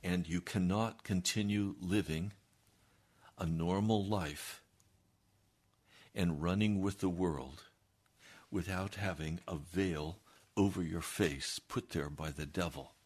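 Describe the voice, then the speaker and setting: A male pastor delivers an earnest, emphatic sermon at a slow, deliberate pace. His voice is low and husky and sits on the deep side. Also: darkish tone.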